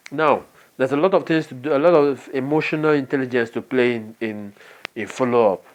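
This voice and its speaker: A man with a Nigerian accent giving a motivational business training talk, earnest and often checking in with "okay?". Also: medium pitch. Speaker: network marketing trainer.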